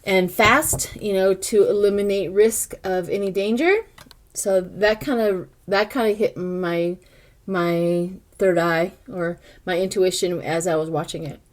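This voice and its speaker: A woman's voice: medium pitch, fairly even intonation, unhurried. Older woman musing through a tarot reading. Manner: musing aloud as she interprets each card; chatty, speaks directly to viewers. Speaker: tarot reader. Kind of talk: casual tarot reading to camera.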